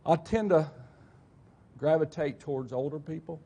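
واعظ رجل في الستينات، حديث عفوي متقطع. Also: male voice, a little high, normal speed, dark tone, husky. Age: 60s. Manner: rambling, homespun, with frequent restarts. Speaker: preacher. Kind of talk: folksy church sermon.

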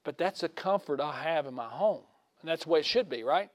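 A man giving a conversational sermon in a folksy way, asking his listeners questions and swinging from loud to hushed. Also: fairly high pitch, lively intonation, fairly quick, no room sound. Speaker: preacher.

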